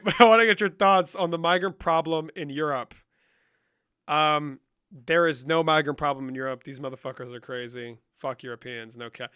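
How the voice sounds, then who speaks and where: Answering chat questions with crude, jokey banter, a young livestream host speaks in a slightly high, sharp, clean-toned voice. The recording is dry, with clean studio sound.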